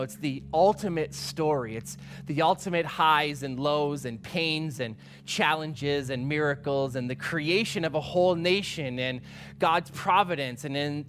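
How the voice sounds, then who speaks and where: Male pastor, middle-aged, high voice, lively anecdotal sermon delivery. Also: slight background noise. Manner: animated, acts out quotes with exclamations. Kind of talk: casual storytelling sermon.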